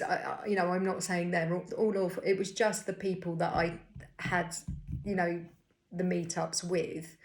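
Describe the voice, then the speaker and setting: A woman's voice: fairly low pitch, vocal fry. A young woman frankly telling her personal story in a rambling, casual way, full of restarts.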